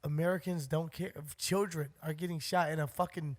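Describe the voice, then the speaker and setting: A man's voice: a little high, steady tone, fairly quick. A man co-hosting a podcast, talking bluntly and heatedly in casual chat and swearing freely. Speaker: podcast co-host.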